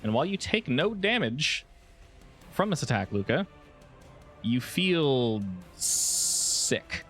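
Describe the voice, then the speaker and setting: A man running a tabletop game as game master, narrating in a relaxed way with frequent restarts. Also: mid-range voice, slow, soft background music.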